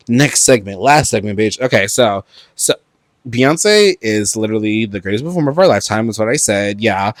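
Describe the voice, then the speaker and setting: A man from Brooklyn hosting a solo podcast, talking in a profane, animated way with loud outbursts and laughter. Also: lowish voice, moderate pace, no echo. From Brooklyn, New York. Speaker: podcast host. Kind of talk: solo casual podcast chat.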